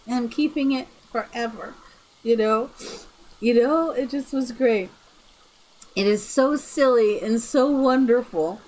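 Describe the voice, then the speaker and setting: A woman's voice: fairly high pitch, a little slow, a little mellow, slight background noise, poor audio. A woman streaming a game live, chatting casually and laughing through her words. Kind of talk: casual live-stream chat while gaming.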